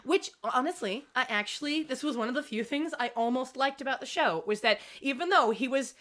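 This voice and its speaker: A woman's voice: sits high, brisk. A woman co-hosting a podcast, recapping a TV show in casual chat with lots of asides. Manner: chatty, animated, with frequent asides. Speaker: podcast co-host.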